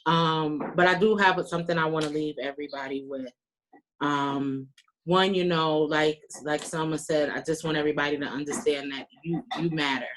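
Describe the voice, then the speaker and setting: A woman's voice: low-pitched, fairly even intonation, moderate pace, slight background noise. A talkative, earnest woman giving folksy closing remarks as a panelist on a video call. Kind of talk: round-table closing remarks. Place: virtual meeting.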